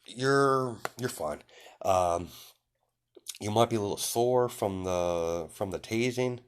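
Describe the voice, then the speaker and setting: A man voicing a cool-headed, protective mother figure who calls people "dear" and speaks softly. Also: fairly low pitch, slow, clear, resonant tone. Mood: soothing.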